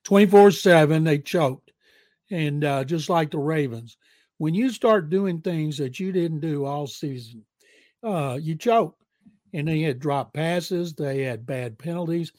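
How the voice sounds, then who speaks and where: A man's voice: fairly high pitch, a little slow, darkish tone, dry recording. Older Southern man spinning blunt yarns. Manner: rambling anecdotal, blunt opinions. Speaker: veteran NFL writer, guest. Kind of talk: casual storytelling and football analysis.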